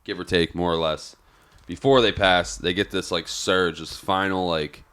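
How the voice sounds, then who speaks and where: A man's voice: low-pitched, steady tone, moderate pace, a bit bright, smooth. A young man on a podcast, telling a long personal story in a rambling, profane, casual way. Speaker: podcast co-host.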